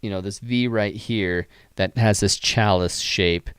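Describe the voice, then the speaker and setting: A man's voice: on the low side, unhurried, a bit bright, smooth, no room sound. A man hosting a photography live stream, critiquing photos in a rambling, enthusiastic way with many fillers, sighs and yawns. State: tired, yawning.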